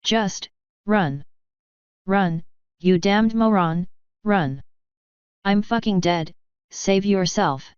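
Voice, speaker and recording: A woman's voice: mid-range voice, very slow, long pauses, clear, resonant tone, no room sound, highs cut off. A woman voicing a wounded, desperate male armored guard who strains through pain in a storybook reading. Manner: strained, shouted pleading.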